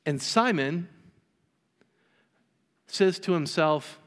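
A man's voice: fairly high pitch, moderate pace, fairly bright tone, clear, resonant tone, long reverb tail. A man preaching a sermon in a church, telling a story and acting out the people in it. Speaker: pastor.

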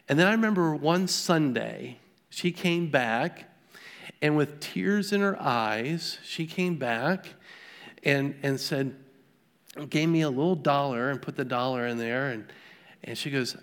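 A man's voice: on the high side, animated, a little slow, a bit bright, clean tone. A middle-aged man preaching a sermon, a pastor telling personal stories in a conversational way with restarts and rhetorical questions.

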